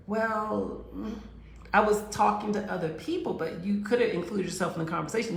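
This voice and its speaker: A woman's voice: on the low side, expressive, normal speed, creaky. A woman telling a relationship story and giving advice straight to her listeners, acting out both sides of the conversation. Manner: direct, addresses listeners as girls and honey. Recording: roomy echo.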